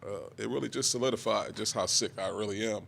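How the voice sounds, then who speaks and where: Gravelly, emotional man in his forties. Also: on the low side, a bit bright, slight background noise. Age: 40s. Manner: emotional, halting, clearing throat often. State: close to tears. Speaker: guest speaker, kidney patient. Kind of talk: emotional public speech. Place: press conference room.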